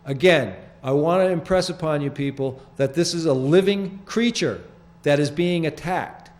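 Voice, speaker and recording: An older man hosting a small public-access TV show, explaining his photographs in halting, rambling, earnest talk from the studio. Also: fairly high pitch, darkish tone. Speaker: show host presenting his sky photographs.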